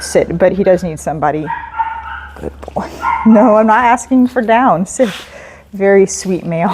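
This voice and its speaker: A woman dog trainer explaining a training session while giving calm, patient commands and soft praise to a dog. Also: mid-range voice, background noise.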